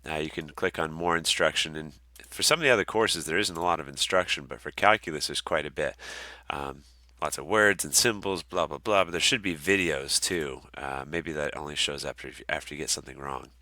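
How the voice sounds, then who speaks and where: Man, course instructor, very low voice, crisp bright tone, relaxed and chatty, lots of ums, dry close recording. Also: a little fast, few pauses, dry recording. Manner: relaxed, many ums and uhs, friendly asides. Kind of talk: casual recorded course walkthrough.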